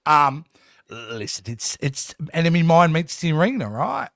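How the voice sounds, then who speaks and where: A man's voice: a little high, big pitch swings, measured pace, vocal fry, a bit bright, no echo. A man co-hosting a casual streamed podcast, teasing and wry. His voice rises and falls a lot, and it is recorded dry and close with no room sound. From Australia. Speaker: podcast co-host.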